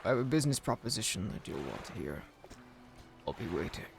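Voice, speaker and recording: A gravelly, mysterious British stranger, as a man puts him on for a game, measured and secretive. His deep voice swoops up and down as he makes his offer. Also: big pitch swings, a little hiss or hum. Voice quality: deeper, gravelly. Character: mysterious scheming male stranger, adult.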